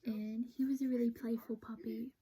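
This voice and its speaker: A young woman telling a painful personal story in a soft, halting voice, sad and emotional, often sliding into a whisper. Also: on the high side, level tone, a crowd in the background, low-quality recording.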